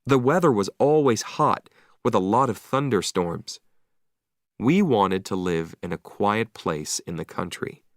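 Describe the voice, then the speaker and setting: A man reading a story aloud slowly and clearly for English learners, with expressive delivery. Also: fairly low pitch, dry recording, studio quality. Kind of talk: slow read-aloud story narration.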